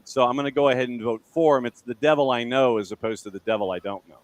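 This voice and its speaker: Man, mid pitch, relaxed podcast co-host who brings in topics and reacts briefly. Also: fast talker. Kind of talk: casual podcast chat.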